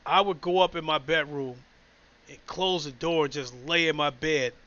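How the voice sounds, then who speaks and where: A man's voice: fairly high pitch, moderate pace, fairly bright tone, highs cut off. A man ranting about his team in a casual, blunt and profane way, mixing game analysis with emotional stories. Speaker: sports commentator. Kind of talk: casual sports rant.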